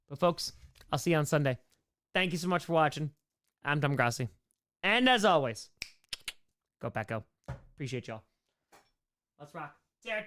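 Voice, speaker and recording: A slightly high, somewhat bright voice, clear and resonant, belongs to a man answering chat questions on a casual live stream. His manner is upbeat and rambling, with thanks to viewers by name and a voice a bit frayed from hours of talk.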